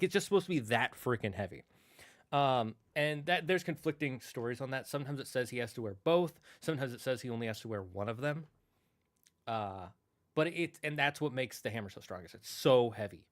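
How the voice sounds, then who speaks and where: A man's voice: medium pitch, no room sound, clean studio sound. A man streaming and chatting casually, telling old myth stories in a rambling, self-correcting way. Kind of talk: casual storytelling while streaming.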